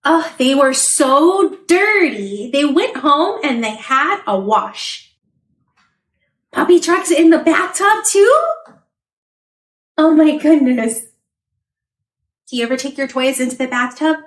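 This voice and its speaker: Female children's librarian, high lively storytime voice, slow and echoey. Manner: animated, sound effects and questions to kids. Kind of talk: reading a picture book aloud to children.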